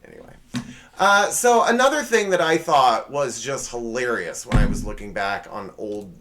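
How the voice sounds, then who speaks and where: Animated sarcastic male podcast host. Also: mid-range voice, normal speed. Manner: sarcastic, rambling, self-correcting asides. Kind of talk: casual comedic monologue.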